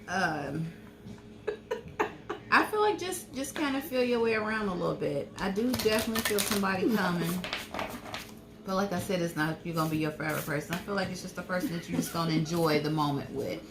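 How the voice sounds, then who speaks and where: A woman's voice: fairly low pitch, fast talker, noisy background. A woman giving a casual tarot reading, hesitant and full of "um" and "I feel like". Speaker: tarot card reader, co-host. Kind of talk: casual live card reading.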